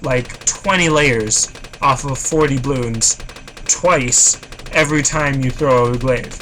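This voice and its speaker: A man's voice: medium pitch, slow, fairly bright tone, a little hiss or hum. A man chatting through a video game as a let's play host, rambling and self-conscious, laughing easily. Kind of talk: casual gameplay commentary.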